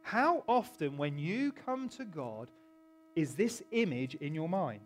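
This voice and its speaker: A man's voice: a little high, very animated, takes it slowly, faint music behind. A middle-aged male pastor preaching a chatty, informal sermon in a church, often stopping to joke with the congregation. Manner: chatty, self-interrupting, jokes with the congregation. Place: church hall.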